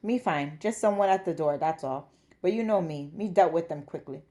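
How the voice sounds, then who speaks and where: A woman voicing a gruff but doting older father with a teasing, clipped manner. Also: on the low side, moderate pace, mellow, natural voice. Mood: warm. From Jamaica. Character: elderly Jamaican widower, gruff but doting.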